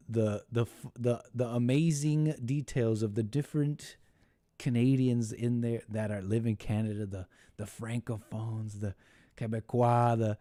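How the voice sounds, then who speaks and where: A man's voice: medium pitch, warm tone, no echo, clean studio sound. A man hosting a live call-in show, talking in a rambling, mocking monologue full of restarts and put-on voices for the people he quotes. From United States. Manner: mocking, puts on voices when quoting others; halting, with many restarts and laughs.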